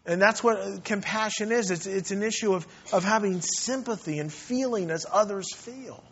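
A man's voice: high-pitched, normal speed, a bit bright, breathy edge, lo-fi sound. A man preaching a sermon in a church, earnest and emphatic, often repeating his words and pressing his listeners with questions. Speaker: pastor.

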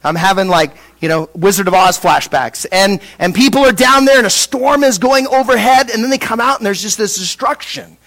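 High-voiced man preaching an animated sermon. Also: moderate pace. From Southern California. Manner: animated, conversational preaching with frequent restarts and acted-out quotes. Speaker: pastor.

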